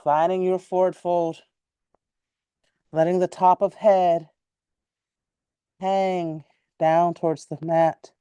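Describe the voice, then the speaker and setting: A woman teaching a yoga class, giving calm, measured cues timed to the breath and stretching out repeated words. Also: fairly low pitch, smooth, no echo. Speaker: yoga instructor.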